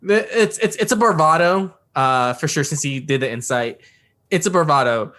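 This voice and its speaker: Male player, hesitant and halting, very animated intonation. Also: fairly high pitch. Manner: hesitant, halting with many restarts. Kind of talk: playing a tabletop game.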